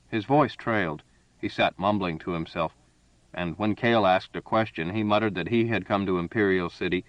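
A man narrating a story in a steady, measured reading voice. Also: low-pitched, no echo, muffled recording. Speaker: audiobook narrator. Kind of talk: scripted narration.

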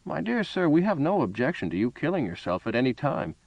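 A calm, exacting old shopkeeper, as a male narrator puts him on, his voice lifted above the reader's own. Every word is placed with measured care. The storybook recording is dull and dry. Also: on the high side, vocal fry, no room sound, voice pushed up, heavily acted. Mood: calm, precise. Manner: precise, measured delivery.

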